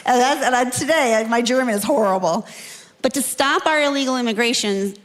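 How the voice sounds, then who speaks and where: A woman's voice: on the high side, brisk. A middle-aged woman candidate answering at a forum, chatty with apologetic asides, then firm and emphatic. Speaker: political candidate. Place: large reverberant hall. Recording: long hall reverb.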